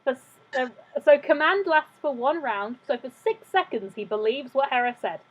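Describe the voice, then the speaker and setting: A woman running a tabletop game, narrating in a relaxed way with plenty of fillers. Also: high voice, normal speed, poor audio. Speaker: game master.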